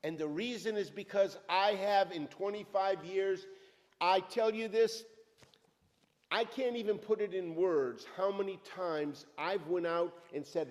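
Male pastor, middle-aged, high-pitched and fervent, preaching in a church with a long hall reverb. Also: unhurried. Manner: fervent, emphatic preaching that rises and drops sharply. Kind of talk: sermon. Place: church sanctuary.

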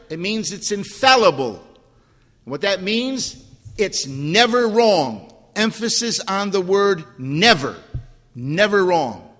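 A man's voice: sits high, a bit bright. An older man preaching a sermon, emphatic, repeating key words and asking the congregation questions. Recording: long hall reverb.

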